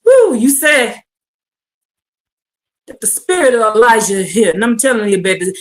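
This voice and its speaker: A woman preaching a livestreamed sermon, fervent and building to shouted exhortation. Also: on the high side, big pitch swings, moderate pace.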